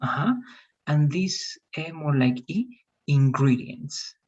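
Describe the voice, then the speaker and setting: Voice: medium pitch, lively intonation, breathy edge, lo-fi sound. Patient teacher giving pronunciation feedback. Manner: patient, repeats words slowly for the student. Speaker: English teacher. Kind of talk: giving feedback in an online English class.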